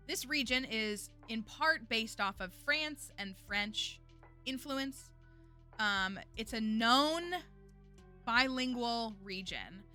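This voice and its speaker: A woman's voice: medium pitch, sharp tone. A woman streaming a game, chatting casually and rambling with lots of fillers, ranting at times. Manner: exasperated ranting. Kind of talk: casual gameplay stream chat.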